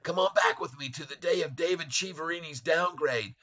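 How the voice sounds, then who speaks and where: A man hosts a live stock market commentary with a bright, forceful voice. He reads out ticking prices and mocks the short sellers, laughing often. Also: fairly high pitch, fairly quick. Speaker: stock market livestream host.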